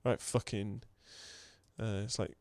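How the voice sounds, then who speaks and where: A man's voice: lowish voice, slow pace, no echo, studio quality. A man, chatting casually and swearing as he plays through a game. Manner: relaxed, mumbly, swears, often laughs. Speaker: gaming host. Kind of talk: casual let's-play chat.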